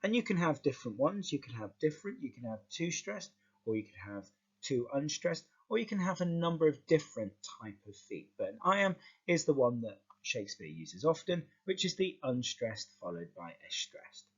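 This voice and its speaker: A male teacher explaining a lesson in a lively, stop-start way, often repeating words as he goes. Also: medium pitch, normal speed, husky, dull audio.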